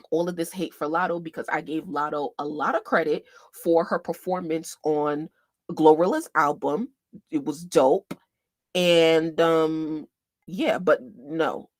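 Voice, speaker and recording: A woman talks through a casual livestream with a lively, wide-ranging pitch, jumping from loud, heated outbursts to quiet muttered asides. She swears freely and keeps a loose, chatty flow. The sound is close and dry, with no room around it. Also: dry recording. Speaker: livestream host.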